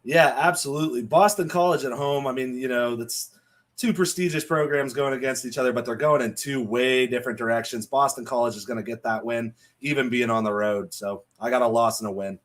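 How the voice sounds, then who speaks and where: Trading jokes and frequent laughs, this male co-host chats through his college football picks on a laid-back sports betting podcast. He has a mid-range voice and speaks fairly quickly.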